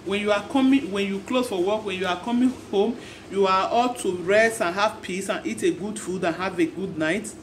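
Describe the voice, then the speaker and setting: A woman's voice: mid-range voice, normal speed, few pauses, a little hiss or hum. A woman with a Nigerian accent giving marriage advice in an impassioned, repetitive, pleading monologue.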